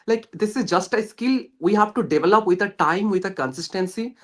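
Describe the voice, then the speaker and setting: Speaking a little fast, the young male guest has a high, slightly bright voice and the Indian English accent of West Bengal. He's chatting casually, earnestly recounting his learning journey with plenty of hesitation and fillers.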